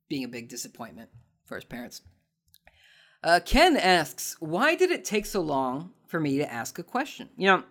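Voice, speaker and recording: A man's voice: a little high, a bit bright. A man hosting a podcast, answering listener questions in a sarcastic, ranting casual chat. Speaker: podcast host.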